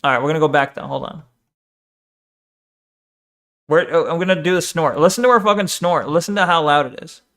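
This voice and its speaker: A man's voice: fairly high pitch, brisk, pauses often, a bit bright. A man streamer giving casual, crude reaction commentary, teasing and laughing often. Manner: crude, profane banter.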